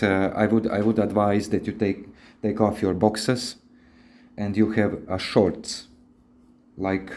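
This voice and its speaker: A man's voice: lowish voice, a little mellow. A man hosting a podcast, giving advice in a rambling, casual, instructive monologue with frequent restarts. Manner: rambling, repeats words and restarts often.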